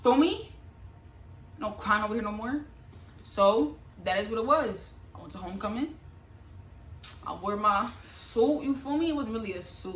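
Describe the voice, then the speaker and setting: Young woman vlogger, casual and confiding, bright tone, echoey room. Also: medium pitch, slight background noise. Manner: slangy, animated, confiding. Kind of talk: casual storytelling to camera.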